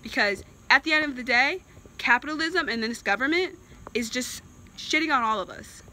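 This vlogger from Virginia, USA, rants with passion about her opinions, exasperated and emphatic, saying things again and again for emphasis. Her high voice is animated, bright and forceful at a normal speed, though the audio quality is poor.

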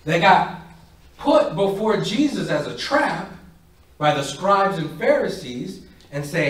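A man's voice: high voice, slow. A man giving a faith talk to a parish group, telling stories and acting out each voice in them. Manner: animated, acts out both sides of stories. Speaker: parish speaker. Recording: echoey hall, far from mic.

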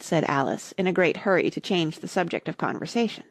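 A woman narrating a classic children's novel in an expressive audiobook reading with soft asides. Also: on the low side, fairly quick, hardly any pauses, dry recording, clean studio sound.

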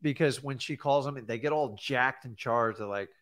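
Male coach giving casual advice, animated storyteller, dry recording. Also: medium pitch, normal speed, no room sound. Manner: animated storyteller acting out quotes. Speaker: real estate coach.

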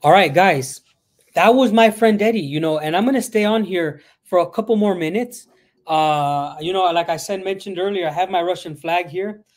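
On a casual live stream, a man with a high-sitting voice answers viewer questions at a moderate pace. He reads the chat questions aloud, rambles a little, and sometimes slips into Spanish.

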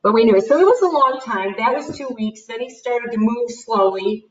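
A woman's voice: fairly high pitch, moderate pace. A woman, a mother, telling her family's story in an interview and acting out what people said. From United States. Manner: animated retelling with quoted dialogue and light laughs. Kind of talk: conversational storytelling. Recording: distant, dull lo-fi recording.

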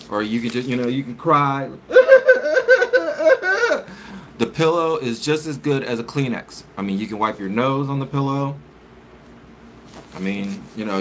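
A man talks to his live-stream chat at a middle pitch, rambling and stumbling as he reads news pieces aloud. A faint hum of room ambience sits behind his voice. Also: fairly bright tone. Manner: chatty and rambling, reads articles aloud with stumbles and self-corrections. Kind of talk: casual live-stream chat, reading chat messages.

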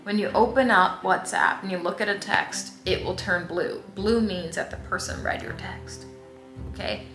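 Sassy woman vlogger spilling a story, bright voice, echoey room, a bit of music under it. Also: medium pitch, moderate pace. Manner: sassy, blunt, emphatic asides to viewers. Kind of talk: casual storytime.

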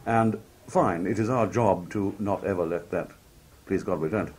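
A man from Liverpool, working as a television announcer, telling anecdotes in a relaxed interview and acting out the people he quotes. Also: deep voice, normal speed, breathy edge. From Liverpool, England. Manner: lively raconteur, acts out quoted people in different voices. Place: outdoor country fair at a cricket ground.

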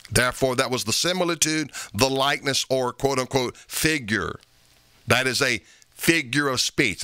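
A forceful male pastor with a bright, mid-range voice preaches a sermon, recorded without echo. His emphatic delivery hits sharp rises on repeated phrases, and he reads scripture aloud in old-fashioned wording.

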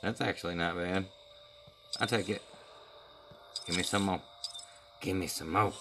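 Slow-talking man narrating his gameplay. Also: deep voice, fairly even intonation, background noise. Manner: chatty, talks to himself while playing. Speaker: gaming video creator. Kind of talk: casual gameplay commentary.

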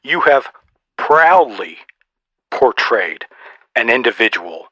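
A man's voice: medium pitch, sing-song, slow, pushed and bright, dry recording, full character voice. A man putting on a snarky old Santa. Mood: mock-stern. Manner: mock-stern roast, teasing. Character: boastful old male Santa Claus, snarky. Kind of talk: comedy podcast sketch.

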